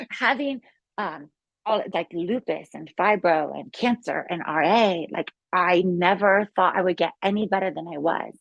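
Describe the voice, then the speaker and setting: A woman who is a yoga instructor tells her healing story in a casual, excited, rambling way, with many restarts. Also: fairly low pitch, moderate pace, gravelly, no echo. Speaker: guest sharing a healing testimony. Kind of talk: casual spoken testimony.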